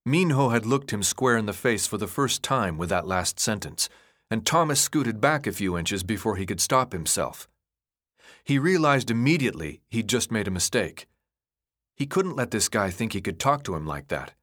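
A man's voice: on the low side, expressive, moderate pace, a bit bright. A man reading an audiobook chapter as narrator, telling the story expressively. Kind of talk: scripted narration.

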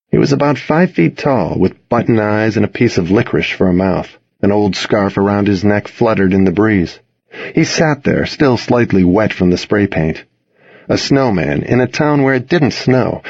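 A man with a low, husky voice narrates a novel in the first person, unhurried and close. The sound is dry with no room around it, and the recording is a little dull and lo-fi. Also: a little mellow, no room sound. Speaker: audiobook narrator.

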